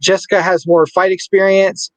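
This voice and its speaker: This podcast co-host banters casually about sports in a playful way, occasionally stumbling on names. He speaks with a high voice, flat delivery, and moderate pace, and the audio is rough without echo.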